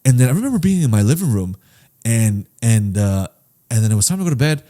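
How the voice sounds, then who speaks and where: A man co-hosting a comedy podcast, ranting casually with heavy swearing, swinging from low mutters to loud outbursts. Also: fast. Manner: profane, animated, swings between mumbling and yelling. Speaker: podcast co-host.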